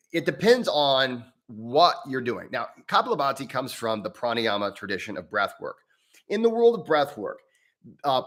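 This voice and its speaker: A man's voice: medium pitch, fairly bright tone. A man hosting a live Q&A as a breathwork coach, explaining in an earnest way and thinking aloud as he answers member questions.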